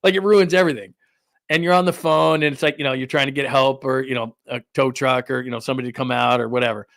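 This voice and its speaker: A man's voice: medium pitch, steady tone, fast, gravelly, fairly bright tone, no echo, studio quality. A middle-aged man hosting a sports talk show, chatting casually in a rambling way and laughing often. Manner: rambling storytelling with frequent laughs. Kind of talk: casual chat.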